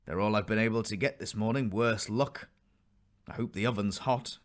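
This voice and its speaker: A man voicing a huge, menacing ogre in a storybook reading, growling his lines slowly. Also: fairly low pitch, close to an everyday voice.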